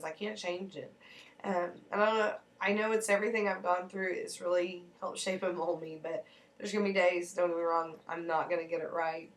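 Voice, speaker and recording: A woman's voice: fairly low pitch, distant mic, low-quality recording. A woman in her thirties sharing heartfelt faith reflections in a personal vlog, rambling earnestly with restarts.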